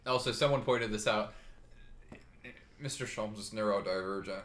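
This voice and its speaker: A man's voice: fairly low pitch, moderate pace, a bit bright, a little hiss or hum. A man hosting a casual let's play, commenting in a joking, profane, rambling way.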